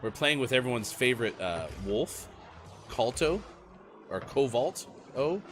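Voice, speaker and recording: This man co-hosts a gaming morning show and chats with the stream chat in a casual, energetic way, addressing them directly. His voice sits in the mid range and moves at a measured pace. It's a little worn because he's still recovering from a cold.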